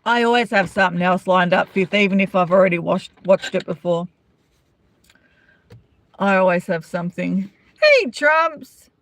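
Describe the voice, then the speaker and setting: A woman's voice: medium pitch, lively intonation, normal speed, long pauses, a bit bright. A woman with an Australian accent hosting a casual live-stream chat, gossiping and answering viewers' comments by name. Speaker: vlogger chatting with live viewers.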